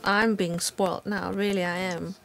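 Brief: au pair, earnest, mid-pitched, interview. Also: female voice, little pitch movement, measured pace, gravelly. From Zimbabwe. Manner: earnest, plain-spoken, with a soft laugh. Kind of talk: documentary interview.

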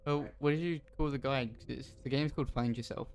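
A man's voice: medium pitch, steady tone, a little fast, slight background noise. A man co-hosting a gaming video, teasing his friend while puzzling over what to click. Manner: teasing, grows baffled at the puzzle. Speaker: gaming channel co-host. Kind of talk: casual let's-play banter.

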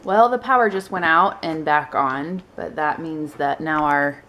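A young woman with a slightly low voice chats away to her viewers, filming a casual family vlog on a handheld camera. She is indoors at home, and the room gives her voice a noticeable echo. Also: a little slow, very noisy. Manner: chatty, talking straight to viewers. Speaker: family vlogger. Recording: echoey room.

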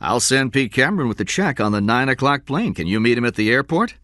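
A man voicing a confident, scheming businessman in an audiobook, brisk, excited and commanding. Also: mid-range voice, no room sound, clean studio sound, pitched above the performer's own voice.

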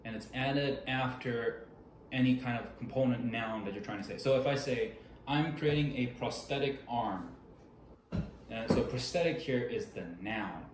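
A man's voice: mid-range voice, a little slow, a little hiss or hum. A young man whose first language is not English, co-hosting a casual film review chat. He over-explains and corrects himself as he goes. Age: young adult. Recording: echoey room.

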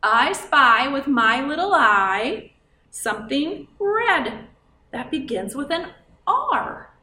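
A woman's voice: sits high, big pitch swings, slow pace, bright, forceful tone. A woman librarian reading a picture book aloud to children in a coaxing, sing-song way and asking them questions. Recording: roomy, from a distance.

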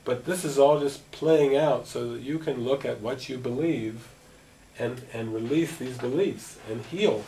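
A man's voice: mid-range voice, measured pace. A middle-aged man giving a spiritual talk to a gathering, telling stories and acting out conversations. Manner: animated storyteller, acting out dialogue. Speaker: spiritual teacher. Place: meeting room at a gathering. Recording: distant mic with faint noise.

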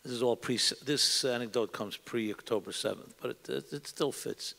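Middle-aged rabbi guy, gravelly voice, lots of rhetorical questions, big echoey synagogue hall. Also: mid-range voice, normal speed, fairly bright tone. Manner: earnest, asks many rhetorical questions. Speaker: rabbi, panel speaker. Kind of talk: reflective talk to a live audience. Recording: long hall reverb.

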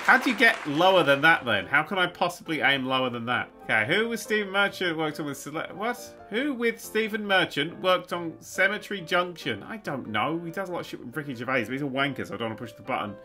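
A man's voice: on the high side, animated, fast talker, hardly any pauses, sharp tone, soft background music. A man playing a video game, sarcastic and sweary, mocking the game and humming its tunes. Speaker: gaming YouTuber. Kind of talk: swearing, sarcastic let's play commentary.

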